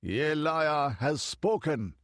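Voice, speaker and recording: A fanatical high priest from a fantasy audiobook proclaims in slow, lofty, exalted tones, as a man acts him out. His voice rises higher and louder than plain narration. The sound is dry and close. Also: expressive, dry recording.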